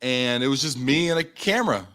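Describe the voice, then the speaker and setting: An American man in his thirties, a podcast guest telling a long personal story. He talks casually with plenty of fillers and restarts, and he acts out his own past quotes in an animated way. His voice sits in an average male pitch. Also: brisk. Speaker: podcast guest, company founder.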